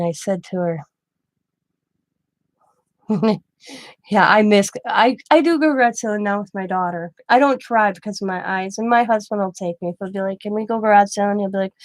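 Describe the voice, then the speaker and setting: A woman's voice: mid-range voice, moderate pace, no room sound. Chatty grandmother rambling through a story. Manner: rambling, chatty, quoting others in her own voice. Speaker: craft channel host. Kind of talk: casual storytelling.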